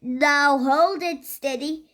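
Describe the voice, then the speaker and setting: A panicky young boy from a storybook, played by a woman, yelling orders and shrieking in alarm. The voice sits high and the reading moves slowly. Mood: urgent. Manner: shouty, exclaiming in alarm.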